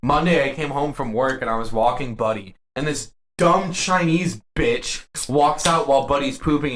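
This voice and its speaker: A man's voice: medium pitch, normal speed, few pauses, echoey room, slight background noise. A man hosting a podcast, telling stories casually with lots of swearing and frequent laughter. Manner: animated, profane, laughing often. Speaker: podcast host. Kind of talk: casual storytelling.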